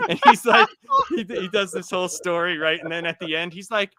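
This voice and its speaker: A man chatting as a podcast guest, telling stories in a profane, animated way. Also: high voice, a little fast, heavy background noise. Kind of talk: casual podcast chat.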